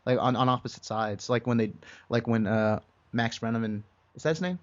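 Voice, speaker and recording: Speaking briskly at a medium pitch, a young male podcast co-host chats casually. His manner is easygoing and meandering, with frequent laughter and plenty of filler words. The sound quality is dull and lo-fi.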